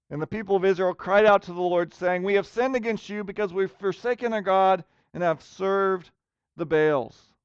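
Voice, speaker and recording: High, smooth-voiced man preaching a sermon. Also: dry recording, lo-fi sound. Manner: earnest preaching, rising to emphatic questions. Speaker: pastor.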